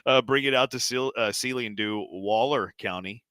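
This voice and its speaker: A man's voice: medium pitch, moderate pace, pushed and bright, dry recording. A man hosting a sports radio show, rambling and self-mocking in casual banter, his throat a little strained.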